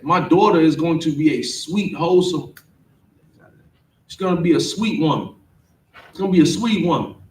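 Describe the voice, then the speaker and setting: A man teaching a class in a fervent street-sermon style, peppering his talk with "man". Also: on the high side. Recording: echoey room, distant mic, faint noise.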